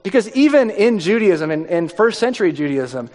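A man preaching a sermon in a conversational way, dropping his voice low for emphasis. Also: big pitch swings, normal speed, darkish tone. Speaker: pastor. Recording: long hall reverb.

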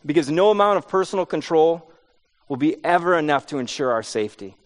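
A man's voice: fairly high pitch, animated, a little fast. A man preaching a sermon, mixing earnest points with funny, self-deprecating stories about his kids. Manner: storytelling with self-deprecating humor. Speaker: pastor.

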